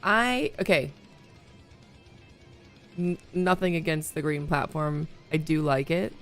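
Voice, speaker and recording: Gravelly-voiced woman streamer, chatty. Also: sits low, slow, faint music behind. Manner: chatty, laughs often, greets viewers. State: slightly hoarse, voice recovering. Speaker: livestream host. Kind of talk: casual live-stream chat.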